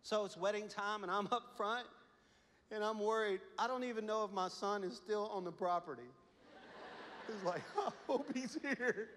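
A man's voice: sits high, normal speed, slight background noise. Man preaching in a reverberant church. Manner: animated storytelling, laughs often, swings from hushed to loud. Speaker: pastor. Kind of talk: sermon.

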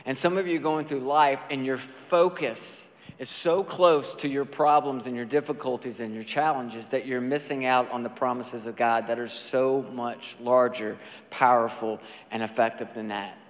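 A man preaching a sermon as a pastor, talking in a conversational, animated storytelling way with casual asides. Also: mid-range voice, normal speed. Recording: long hall reverb.

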